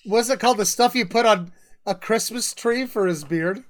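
A woman's voice: a little high, normal speed. A woman co-hosting a podcast in casual chat, with a blunt, joking manner. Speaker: podcast co-host.

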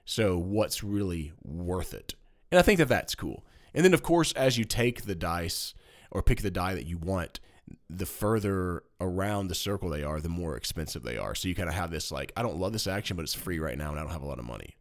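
Casual podcast co-host, man, very deep voice, animated and jokey, rambling explanations. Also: fairly quick. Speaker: board game podcast co-host. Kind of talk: casual chat. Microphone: studio microphone.

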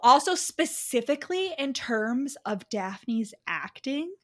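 A woman's voice: high voice, sing-song, takes it slowly. Rambling young woman podcaster. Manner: rambling, many fillers and restarts. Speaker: podcast co-host. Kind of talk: casual chat.

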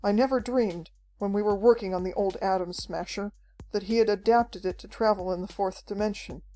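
A woman's voice: mid-range voice, brisk, dark tone, close to an everyday voice, rough recording. A woman voicing a frantic elderly male professor who chatters and pants as he talks. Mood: explaining. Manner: chattering, panting.

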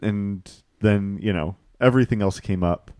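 A man's voice: on the low side, moderate pace, darkish tone, no room sound. A man hosting a radio show, bantering playfully in an announcer-like way. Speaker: radio host.

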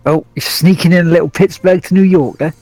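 A man's voice: on the high side, fairly even intonation, brisk, darkish tone, no room sound, soft background music. A man co-hosting a gaming podcast, playful and jokey in casual chat over a board game. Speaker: podcast co-host.

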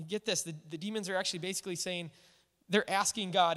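Brief: a high-voiced man preaching loosely and conversationally, with a long hall echo. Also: fast talker. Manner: conversational, animated, full of "like" and "all right". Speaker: pastor. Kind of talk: sermon. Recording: echoey hall.

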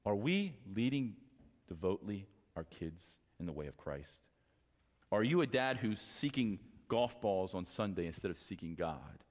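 A male pastor preaching a sermon to fathers, impassioned, moving from quiet talk to raised exhortation. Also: lowish voice, sing-song, unhurried, big-room sound. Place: church sanctuary.

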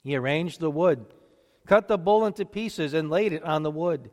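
A man reading scripture and preaching in a church, steady and deliberate, with measured pauses. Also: fairly high pitch, long reverb tail.

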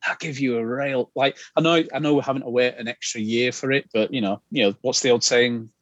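An easygoing man who stumbles through his sentences with ums and restarts. He laughs easily. His voice is mid-pitched and dry, recorded close up. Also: fairly even intonation, a little fast, no room sound, lo-fi sound. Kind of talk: casual chat.

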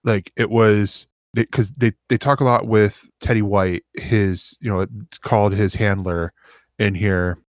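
A man's voice: on the low side, steady tone, a little slow, no room sound, studio quality. A man co-hosting a podcast, telling a long rambling story in casual chat and acting out the quotes. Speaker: podcast co-host.

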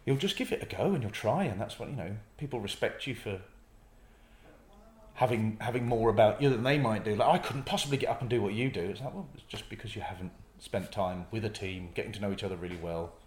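A man's voice: lowish voice, quick pace. A man who performs improv comedy, chatting in an interview and acting out little scenes as he explains. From North East England. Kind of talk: casual interview chat. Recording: echoey room.

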